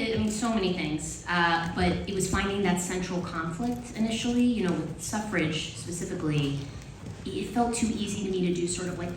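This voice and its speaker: A woman's voice: fairly low pitch, background noise. A woman writer answering press questions in a thoughtful, articulate way. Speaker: award-winning writer. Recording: echoey hall from far off.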